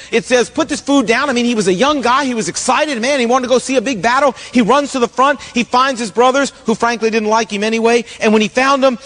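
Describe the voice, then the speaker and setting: High-voiced pastor preaching, jokey and animated. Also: male voice. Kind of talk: sermon. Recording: long reverb of a large hall.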